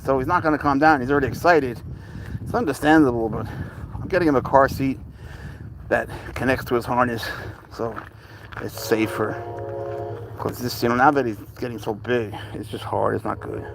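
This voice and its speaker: A laid-back man chats on a phone live stream, reading out viewer comments and answering them with easy chuckles. His voice sits at a middling pitch, and faint ambient noise from outdoors runs under it. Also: normal speed, vocal fry, long pauses. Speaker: livestream host with a pet serval.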